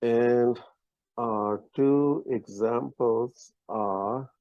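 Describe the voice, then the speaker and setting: A man's voice: medium pitch, extremely slow, no room sound, dull audio. A man teaching a language lesson over a video call, explaining letters patiently and methodically. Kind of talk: online lesson explaining script.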